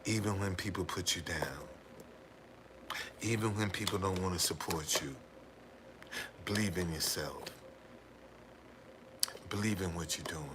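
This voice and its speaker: A man's voice: low voice, steady tone, measured pace, pauses often, noisy background. A man hosting a livestream, telling a rambling story to his viewers, repeating words and laughing often. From United States. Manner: gives frequent hearty laughs. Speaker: livestream host.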